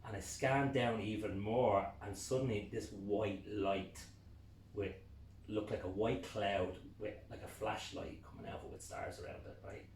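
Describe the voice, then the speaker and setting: A man with a Dublin Irish accent, a guest on a podcast, telling a story in an excitable way and swearing freely. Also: on the low side, moderate pace. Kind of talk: casual podcast interview storytelling. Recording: echoey room, distant mic, faint noise.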